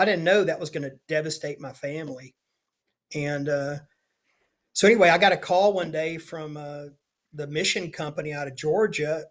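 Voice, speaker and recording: A middle-aged man, a state senator telling a personal story in an interview in an earnest, confessional way. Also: a little high. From Louisiana, USA. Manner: earnest, confessional, acts out quoted dialogue.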